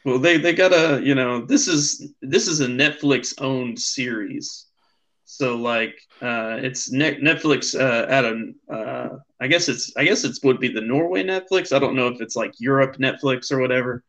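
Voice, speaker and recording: A man co-hosting a podcast review, talking in a relaxed, meandering way, restarting his sentences often. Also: medium pitch, moderate pace, low-quality recording. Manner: relaxed, rambling, with many ums and restarts. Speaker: podcast co-host. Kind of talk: casual show review chat.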